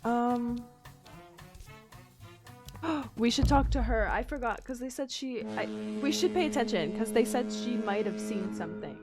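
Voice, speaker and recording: A woman's voice: on the high side, a little slow, over music. A woman streaming a story game, reading the text aloud and chatting through her choices.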